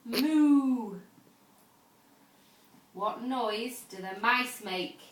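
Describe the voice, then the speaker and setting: A woman, a parent, asking a toddler slow, sing-song questions in a home video. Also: on the high side, a bit bright. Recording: echoey room, camera mic from a distance.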